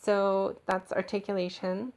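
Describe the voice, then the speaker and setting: A woman voice coach giving a clear, technical demonstration of vocal technique in a played-back clip. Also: mid-range voice, little pitch movement, a little slow, darkish tone. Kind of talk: instructional voice demo.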